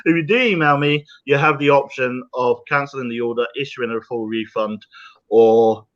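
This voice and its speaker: A man talking as a guest on a livestream. He rambles cheerfully and jokes a lot, laughing between thoughts. His voice comes through as dull, lo-fi call audio at a middling pitch. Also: normal speed. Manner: rambling and jokey, laughing often. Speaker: guest, small business owner. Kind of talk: casual chat on a livestream.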